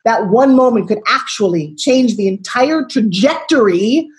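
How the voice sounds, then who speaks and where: A woman in her sixties, a guest on a video call interview, telling her story in an expressive, dramatic way. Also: fairly high pitch, a little slow, slight background noise.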